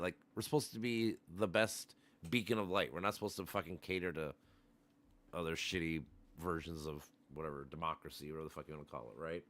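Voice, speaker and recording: A low-voiced man hosts a casual livestream. He rants with heat, swearing often as he argues his point. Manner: heated, profane ranting. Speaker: livestream host. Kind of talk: casual chat.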